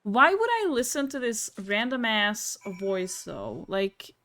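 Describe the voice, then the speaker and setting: A woman's voice: medium pitch, big pitch swings, slow, sharp tone. A young woman giving casual commentary while playing a game, blunt and swearing casually, often laughing at herself. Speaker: gaming streamer.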